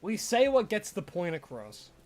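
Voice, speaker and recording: A young Australian man whose accent mixes Australian and American chats casually with his live-stream chat while playing a game, talkative and mock-indignant. His voice is high-pitched and a little mellow, with huge pitch swings at normal speed.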